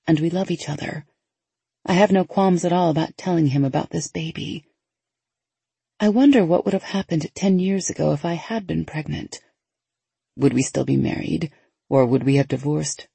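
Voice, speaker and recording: Woman narrator with a gravelly, husky voice, chatty first-person read. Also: sits low, no echo. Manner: lively, conversational inner monologue. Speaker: audiobook narrator.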